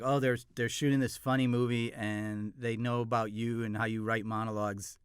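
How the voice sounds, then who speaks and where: A young man telling a comic personal story, animated, swinging from hushed asides to loud outbursts. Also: lowish voice, no room sound, studio quality.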